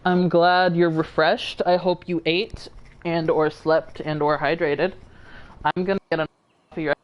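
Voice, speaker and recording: A tired woman streamer rambles casually to her viewers while playing a game, her deep voice fairly even in intonation and moderate in pace. The highs in the audio are cut off.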